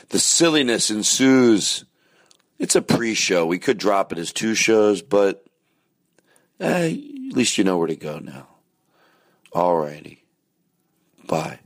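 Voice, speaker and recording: A man's voice: lowish voice, wildly swooping pitch, a little slow, long pauses. A man rambling chattily in a casual pre-show monologue, self-deprecating. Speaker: podcast host.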